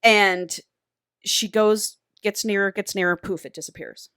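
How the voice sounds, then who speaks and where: A woman co-hosting a podcast, retelling a novel in an animated, casual way and swearing freely. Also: medium pitch, measured pace, clean tone, no echo, clean studio sound. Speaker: podcast co-host. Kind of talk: casual book recap.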